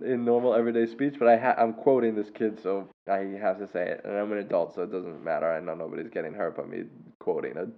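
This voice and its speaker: A man hosting a show and telling a story in a casual, rambling way, with many fillers and self-corrections. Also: fairly low pitch. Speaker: podcast host and English teacher. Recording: tinny phone-like sound.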